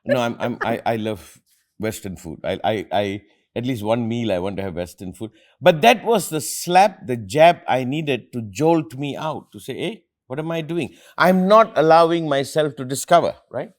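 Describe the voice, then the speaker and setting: A man's voice: mid-range voice, lively intonation, normal speed. A middle-aged man from India, hosting an earnest motivational talk with his family and repeating phrases for emphasis. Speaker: host and motivational speaker.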